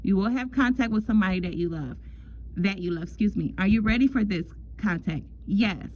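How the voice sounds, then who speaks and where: A woman's voice: mid-range voice, fairly quick, a little mellow, rough recording. A woman giving a casual astrology love reading in a chatty way, repeating herself and calling the listener "girl". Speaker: tarot love reader.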